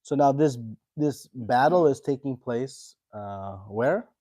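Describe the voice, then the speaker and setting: A man teaching a scripture class. He tells a story in a relaxed way with many fillers and stops to quiz his students. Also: mid-range voice, takes it slowly, dry recording.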